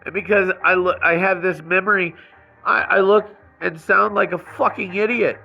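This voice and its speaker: A man's voice: sits high, fairly even intonation, moderate pace, vocal fry, highs cut off, faint music behind. A man venting angrily and rawly into the camera in an emotional personal rant, stumbling and swearing as he talks. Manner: angry, raw venting with restarts and swearing. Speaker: vlogger.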